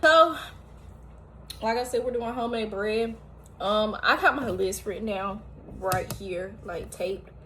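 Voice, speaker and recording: A woman's voice: medium pitch, unhurried, a little hiss or hum. Tired, chatty woman vlogging at home. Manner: talkative, animated, often exclaiming. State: tired and out of breath. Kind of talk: casual chatty vlog. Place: home kitchen, indoors.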